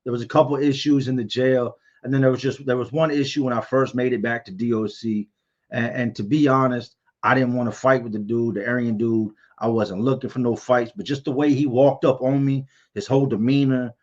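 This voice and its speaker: A man's voice: medium pitch, steady tone, fairly quick, lo-fi sound. A man hosting a casual livestream, candidly telling personal stories and answering viewer comments. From Virginia, US.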